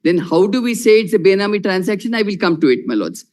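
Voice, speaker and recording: High-voiced Indian lawyer addressing judges. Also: male voice, very animated, a little mellow. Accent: Indian English. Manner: measured, repeats "my lords" constantly. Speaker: lawyer arguing in court. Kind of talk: formal courtroom argument.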